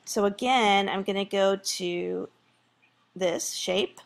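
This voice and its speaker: A woman's voice: medium pitch, takes it slowly, vocal fry. A woman teacher walking through a screen tutorial in a casual way, thinking aloud with fillers.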